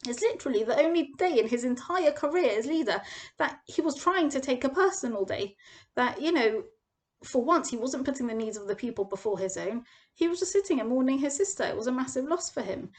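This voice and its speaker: A young woman gives a Torah lesson in an animated storytelling manner. Her voice sits high and swings widely. She acts out the people she quotes. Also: a little fast. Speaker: Torah teacher. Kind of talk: expressive parsha lesson.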